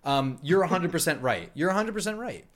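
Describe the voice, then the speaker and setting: A man's voice: a little high, very animated, a little fast. A man co-hosting a casual sports podcast, talking frankly and bluntly with a wry edge. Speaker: podcast co-host.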